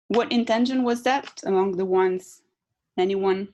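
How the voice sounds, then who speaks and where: A woman's voice: a little high, measured pace, darkish tone. A woman teaching presentation skills in an online tutorial, with hesitant fillers and demonstrative emphasis. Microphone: video call.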